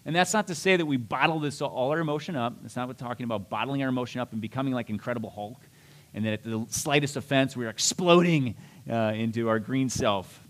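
A man's voice: medium pitch, quick pace. A middle-aged man preaching a sermon as a pastor, conversational and self-deprecating, with restarts and asides.

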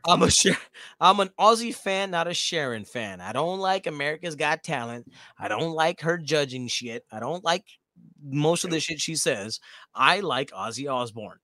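A middle-aged man co-hosting a podcast, telling profane, animated stories in casual chat. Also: on the high side, moderate pace, no echo, clean studio sound. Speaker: podcast co-host.

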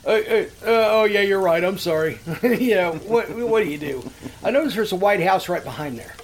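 A man's voice: high-pitched, animated, normal speed, slight background noise. A man hosting a podcast, rambling through profane prank stories and laughing as he goes. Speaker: podcast host. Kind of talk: casual storytelling chat.

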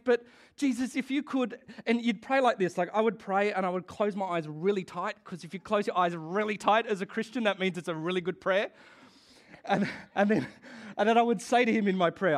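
A man with a notably high voice gives a sermon to his church. He talks in a casual, conversational way, throwing questions at the congregation and laughing often. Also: brisk. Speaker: pastor.

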